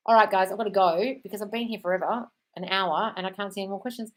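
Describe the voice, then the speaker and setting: A woman's voice: mid-range voice, fairly even intonation, fast talker, low-quality recording. A woman hosting a live stream, reading out viewer questions and answering them in a breezy, chatty way, calling everyone darling. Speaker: host.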